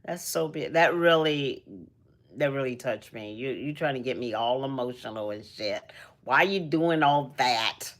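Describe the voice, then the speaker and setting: Speaking a little slowly in a very deep voice, a young female livestream host rambles with feeling about energy and purpose, frequently starting over.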